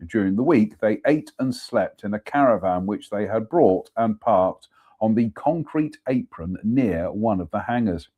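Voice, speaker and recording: A man's voice: fairly low pitch, animated, measured pace, dark tone, husky. A man hosting a live show, reading a ghost story aloud steadily with the odd apologetic aside. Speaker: storyteller host.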